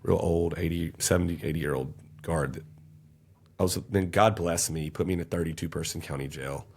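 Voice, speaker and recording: A man's voice: sits low, fairly even intonation, fairly quick, a little mellow, slightly rough. A man, telling an intense, emotional personal story as a podcast guest. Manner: intense, emotional storytelling, raising his voice at peaks.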